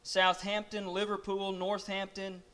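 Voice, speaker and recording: Man, preacher, dramatic sermon story, high voice. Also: monotone, a little slow, sharp tone, slight background noise. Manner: dramatic, second-person storytelling.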